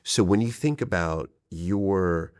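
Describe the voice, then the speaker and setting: A man's voice: low-pitched, slow pace, darkish tone, no echo, clean studio sound. A man hosting an interview, asking earnest questions and explaining things. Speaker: podcast host and relationship coach.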